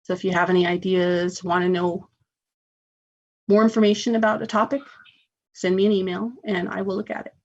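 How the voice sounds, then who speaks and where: A woman's voice: medium pitch, fairly even intonation, brisk, pauses often, a little mellow, muffled recording. A woman hosting a spiritual self-help radio show, talking in an earnest, encouraging way.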